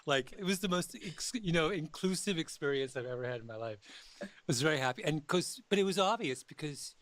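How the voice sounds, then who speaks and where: A man being interviewed about his book, telling animated stories with frequent laughs and restarts. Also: a little high, fairly quick, no echo. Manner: animated storyteller, laughs often, restarts sentences. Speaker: interview guest, author. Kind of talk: casual interview chat. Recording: loud traffic noise behind.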